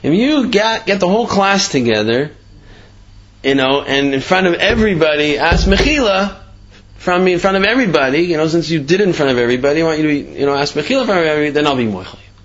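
A man's voice: a little high, lively intonation, fast, a little hiss or hum, pitched above the performer's own voice, close to an everyday voice. Man voicing a bitter middle-aged former student. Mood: demanding. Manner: heated, indignant, repeats himself. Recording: slightly dull lo-fi sound.

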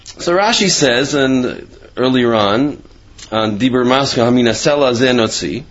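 Lively Torah teacher, man, lo-fi sound. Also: mid-range voice, measured pace. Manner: animated, acts out quoted speech with shifting voice; conversational, many "you know" asides and restarts. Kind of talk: Torah class explaining Rashi's commentary.

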